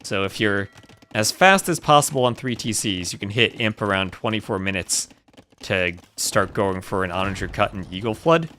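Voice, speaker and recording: A man's voice: lowish voice, moderate pace, bright, forceful tone, slight background noise. A man casting a strategy game tournament on a live stream in a chatty way, breaking off to thank viewers. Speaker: tournament host and caster. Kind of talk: live-streamed esports commentary.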